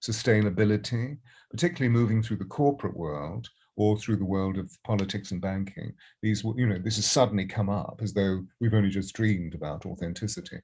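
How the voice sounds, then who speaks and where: An older man with a fairly low voice, speaking as a voice coach in an interview. He answers expansively and reflectively, with long, flowing sentences. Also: a little mellow. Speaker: voice and presence coach.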